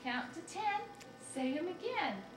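A woman's voice: extremely high pitch, sing-song, measured pace, over music. A mother at home singing children's songs in a playful, sing-song way and coaxing her little ones while filming them. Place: family home indoors. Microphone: handheld home video camera. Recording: roomy home video with background noise.

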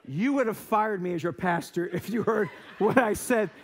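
A man's voice: high-pitched, measured pace, slightly rough. A male American pastor giving a sermon in a church, telling a self-deprecating story and acting out voices. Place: church sanctuary.

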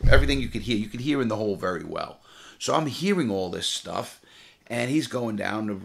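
A man's voice: lowish voice, vocal fry, fairly bright tone. A middle-aged man, a former prisoner, bluntly telling first-person stories with profanity. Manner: blunt and profane, vivid retelling.

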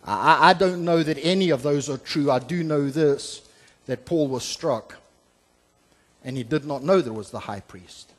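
A pastor with a high voice preaches through a scripture passage, often pausing on "uh" and restarting his sentences. He moves between emphatic, louder passages and quiet, low asides. The sound carries a long church reverb. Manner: expository preaching with frequent filler "uh" and restarts; swings from emphatic to soft and low. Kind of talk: sermon. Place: church sanctuary.

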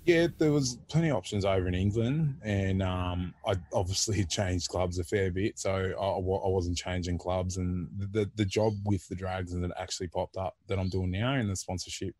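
A man's voice: low-pitched, normal speed, hardly any pauses, a little mellow, no echo. A man in his thirties with an Australian accent, a former rugby league player chatting laid-back on a podcast, full of fillers and casual swearing. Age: 30s. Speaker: retired rugby league player, interview guest.

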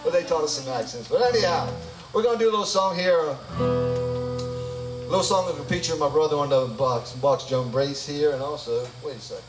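Picked up from a distance in a roomy church hall, a gospel singer and bandleader jokes folksily between songs while leading his live concert. His voice sits on the high side and moves fairly quickly, with guitar music in the background.

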